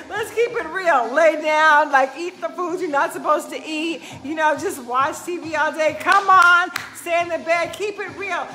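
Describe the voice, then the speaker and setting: A woman fitness coach giving an energetic motivational pep talk to her live viewers, preachy and repeating "right?" again and again, with music playing behind her. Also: extremely high pitch, moderate pace, few pauses.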